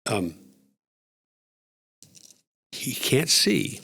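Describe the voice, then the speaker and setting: A man's voice: mid-range voice, drawn-out words, creaky, slightly rough. A man co-hosting a faith podcast, retelling scenes vividly and animatedly. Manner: animated, vivid storyteller, voice rises when excited. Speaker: podcast co-host. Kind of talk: casual faith discussion.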